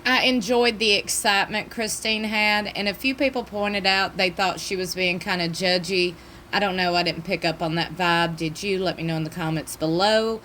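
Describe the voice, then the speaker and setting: A woman's voice: fairly low pitch, steady tone, normal speed, bright, forceful tone, slight background noise. A woman hosting a commentary channel, talking in a chatty, opinionated and folksy way. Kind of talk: casual commentary.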